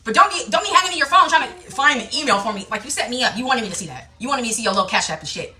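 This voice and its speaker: Young woman yelling fast on a livestream, high voice, keeps repeating herself. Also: animated, echoey room. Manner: angry, repetitive, confrontational. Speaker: livestream guest. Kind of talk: heated livestream argument.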